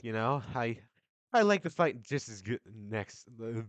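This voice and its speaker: A man voicing an easygoing, cocky young male fighter who talks loud and breezy. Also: mid-range voice, big pitch swings, measured pace, dry recording.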